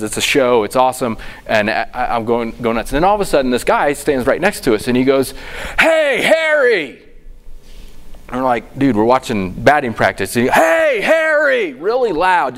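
A middle-aged man, a pastor giving a sermon, telling stories in a lively, conversational way. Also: a little high. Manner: storytelling, animated and conversational.

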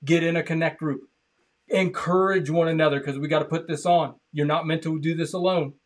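A man preaching as a pastor, passionate, repeating phrases and swinging from loud declarations to hushed appeals. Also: a little high, steady tone, a little fast. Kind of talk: sermon. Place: church.

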